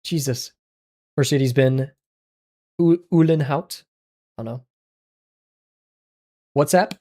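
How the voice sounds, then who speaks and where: Male streamer at a desk mic, casual running chat, mid-pitched, quick yelps and muttered asides. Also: dark tone. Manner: chatty, reacting aloud with sudden yelps and mumbled asides. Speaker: art livestreamer. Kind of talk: casual livestream chat playing daily web games.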